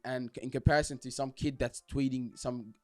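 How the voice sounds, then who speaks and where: A man's voice: medium pitch, fairly even intonation, a little fast, faint music behind. A man, a podcast co-host, talking earnestly in casual chat and often asking "you know what I mean".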